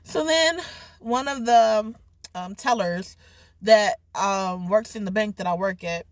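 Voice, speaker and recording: A young adult woman vlogger telling a casual story in an animated, overly dramatic way. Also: mid-range voice, slow, no room sound, clean studio sound. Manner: self-described overly dramatic, animated retelling.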